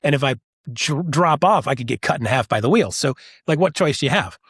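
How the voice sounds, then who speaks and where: A man telling animated stories as a podcast guest, acting out the voices of people he quotes. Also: mid-range voice, fairly quick, husky, dry recording, clean studio sound. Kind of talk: casual storytelling chat.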